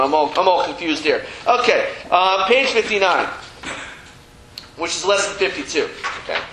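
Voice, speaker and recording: This classroom lesson features a high-pitched man teaching Hebrew reading at a board, chatty and self-deprecating, with frequent sentence restarts. The sound is reverberant, with background noise.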